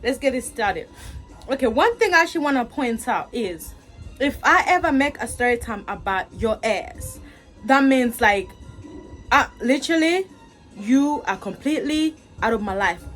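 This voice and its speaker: Animated young woman venting to her viewers. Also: a little high, moderate pace, faint music behind. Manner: animated, repetitive, talks straight to viewers; loud angry outbursts mixed with laughter. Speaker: storytime vlogger. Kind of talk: casual storytime vent.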